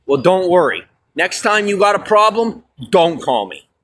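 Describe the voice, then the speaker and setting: A stressed, fired-up man venting on a livestream, swearing often and swinging from loud outbursts to low mutters. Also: sing-song, moderate pace. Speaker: livestream host. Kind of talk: angry livestream rant. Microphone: phone.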